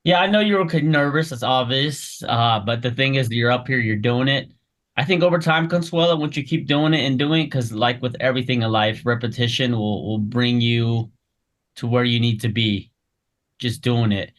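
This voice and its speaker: A man's voice: mid-range voice, normal speed, a bit bright. Encouraging man giving peer feedback. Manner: encouraging, loose and rambling. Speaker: fellow agent giving feedback.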